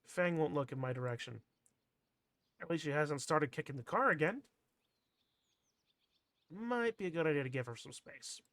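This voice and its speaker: A man's voice: fairly high pitch, expressive, normal speed, long pauses, fairly bright tone, no room sound. A man streaming a visual novel, reading it aloud and dropping sardonic, wry asides.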